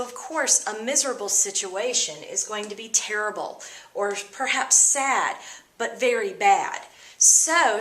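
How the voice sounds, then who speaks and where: A woman teacher explaining vocabulary words to her students in an upbeat, expressive way. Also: mid-range voice, reverberant. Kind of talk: vocabulary lesson.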